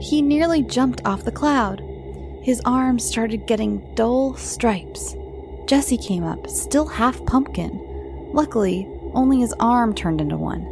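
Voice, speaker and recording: A woman with a fairly high, creaky voice and lively intonation hosts spooky bedtime storytime for kids. She speaks slowly and theatrically, dropping into whispers at moments, as faint music plays.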